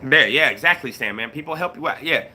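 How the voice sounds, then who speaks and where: A man's voice: mid-range voice, expressive, fairly quick, pushed and bright. A middle-aged man chatting casually on a livestream, greeting viewers and repeating himself as he talks. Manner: laid-back, repeats himself, greets chat mid-story. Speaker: YouTube live streamer.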